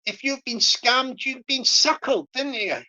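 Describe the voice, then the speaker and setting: A woman's voice: high-pitched, a little slow, pushed and bright. A woman livestreamer chatting casually in a rambling way, with many restarts, fillers and small chuckles. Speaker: YouTube livestreamer. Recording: lo-fi dull stream audio.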